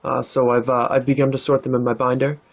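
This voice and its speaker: A man hosting his own card-opening vlog, talking in a relaxed, thoughtful way with plenty of "uh"s and "um"s. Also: mid-range voice, quick pace, gravelly. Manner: relaxed, thoughtful, with many fillers. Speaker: card-opening channel host. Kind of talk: casual vlog narration.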